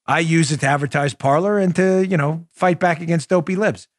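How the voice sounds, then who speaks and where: A man's voice: fairly high pitch, a little fast, no room sound, studio quality. A man from New York hosting a political podcast, delivering a combative, sarcastic opinion monologue. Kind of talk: opinionated talk show monologue.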